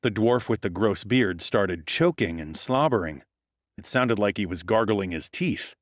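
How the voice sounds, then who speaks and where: A man's voice: fairly low pitch, animated, unhurried, no echo, studio quality. A man narrating a first-person audiobook with a wry, hardboiled delivery.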